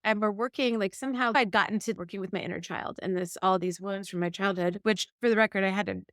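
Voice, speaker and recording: Woman, mid pitch, casual storytelling, animated, dry recording. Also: fast, dry recording. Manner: animated storyteller, acts out quotes. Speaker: podcast co-host. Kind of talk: casual chat.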